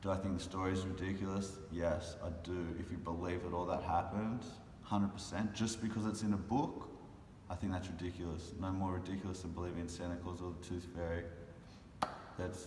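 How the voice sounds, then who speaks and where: A vlogger and animal rights speaker, tired and frustrated, talks fairly quickly in a low-pitched, level voice. His casual monologue breaks into heated, impassioned bursts, and the sound has a roomy echo with long reverb and faint noise.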